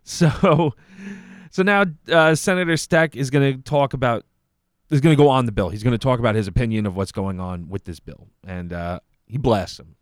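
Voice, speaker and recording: A man's voice: medium pitch, moderate pace, dry recording. A man, hosting a podcast and giving heated, profane, sarcastic commentary on clips. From New York. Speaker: podcast host.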